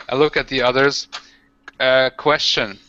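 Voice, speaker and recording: A man playing a tabletop game, chatting in an excitable, rambling way with many restarts. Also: mid-range voice, slow, dull audio, slight background noise. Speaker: player. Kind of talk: casual tabletop game chat.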